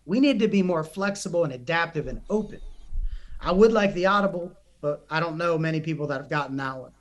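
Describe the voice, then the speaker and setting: Earnest, animated man, fairly high voice. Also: brisk. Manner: animated, earnest, many restarts. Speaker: psychotherapist and coach. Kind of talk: podcast interview storytelling.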